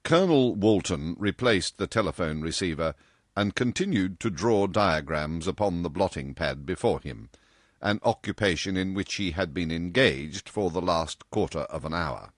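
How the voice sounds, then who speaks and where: A man reading a novel aloud as audiobook narration with an expressive delivery. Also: low voice, normal speed, no echo, clean studio sound. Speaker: audiobook reader.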